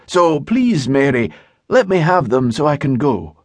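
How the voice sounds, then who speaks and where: A male narrator voicing a charming young Highland womanizer in an audiobook. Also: big pitch swings, measured pace, darkish tone, no room sound. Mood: pleading. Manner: coaxing, smooth-talking.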